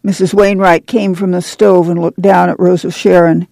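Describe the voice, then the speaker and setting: A man narrating a novel aloud as an audiobook reader, in a steady reading manner. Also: sits high, measured pace, creaky, few pauses, dry recording.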